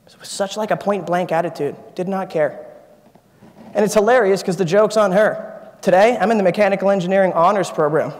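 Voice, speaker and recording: A high-voiced young man in his 20s, an engineering student, delivers a motivational keynote on a conference auditorium stage. He speaks a little fast, telling a personal story earnestly with emphatic repetition, and the large hall gives his voice a long, echoing reverb.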